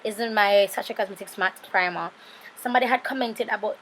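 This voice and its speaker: A Jamaican woman in her thirties talks through a makeup tutorial as a casual voice-over, rambling from one aside to the next and checking in with viewers. She sounds tired and sleepy, her voice pitched at an ordinary middle height, with a faint hiss of noise underneath. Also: fairly quick, a bit bright. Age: 30s. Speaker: beauty vlogger.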